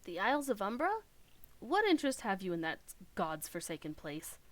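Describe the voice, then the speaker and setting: A woman's voice: medium pitch, big pitch swings, moderate pace, no room sound, close to an everyday voice. Formal, grave official speaking of lost ships, a woman reading it. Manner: formal, solemn.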